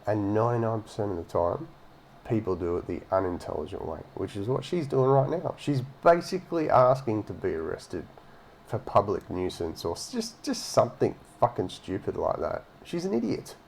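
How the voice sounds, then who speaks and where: A man with a low, gravelly voice talks over a video in loose, profane commentary. He mocks the people on screen with dry sarcasm. A faint hiss sits under the voice. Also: sing-song, normal speed, a little mellow. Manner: sarcastic, swears freely, mocking asides. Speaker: reaction commentator.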